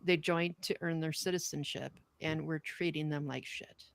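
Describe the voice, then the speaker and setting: A woman co-hosting a podcast, reading a wartime poem aloud with earnest, measured delivery and chatting casually with her co-host. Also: low voice, steady tone, vocal fry.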